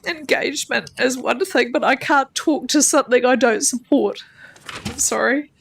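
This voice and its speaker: A woman's voice: high-pitched, moderate pace, creaky, fairly bright tone, slightly rough. A woman councillor giving an impassioned, blunt council debate speech, emotional and near tears, at a chamber table microphone. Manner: impassioned and blunt, with plain swearing. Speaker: regional councillor.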